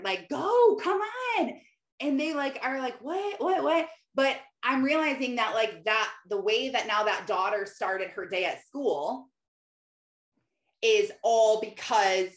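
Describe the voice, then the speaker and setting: A woman hosting a casual mindset podcast, telling stories in a chatty, animated way full of filler words. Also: medium pitch. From Michigan, United States. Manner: chatty, lots of "like", animated storytelling. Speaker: podcast host. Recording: roomy echo with faint music.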